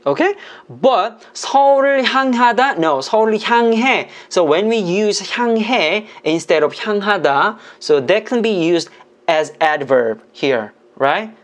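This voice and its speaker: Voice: medium pitch, expressive. Korean-native teacher explaining, asking "right?". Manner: explains patiently, checks understanding with "right?"; speaks Korean phrases quickly and clearly, English slowly. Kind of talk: online language lesson.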